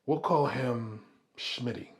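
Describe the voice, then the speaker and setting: A man's voice: medium pitch, slow. A middle-aged man telling a casual, rambling story on his vlog, swearing freely and laughing along as he goes. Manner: rambling, profane, laughs often. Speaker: vlog host.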